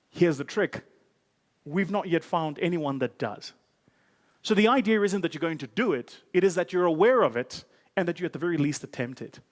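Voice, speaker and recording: A man giving a motivational business keynote to a live audience. He tells stories with punchy emphasis and makes joking asides to the crowd. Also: a little high. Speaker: keynote speaker. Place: conference stage before a live audience.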